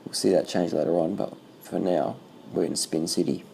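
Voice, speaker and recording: A man giving casual, excitable running commentary over bike race footage, swearing freely and repeating himself. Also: low-pitched, moderate pace, gravelly, slight background noise.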